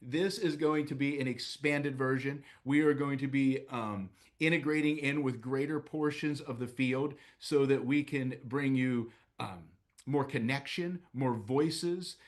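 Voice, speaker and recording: A man's voice: mid-range voice, unhurried. A man presenting at a company event, earnest and upbeat, polished, reading from a script.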